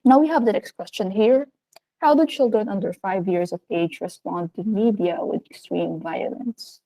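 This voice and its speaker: A woman with a Filipino accent, teaching a recorded video lesson. She speaks in an upbeat, animated way, with sudden lifts in pitch. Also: moderate pace, low-quality recording. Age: adult of working age.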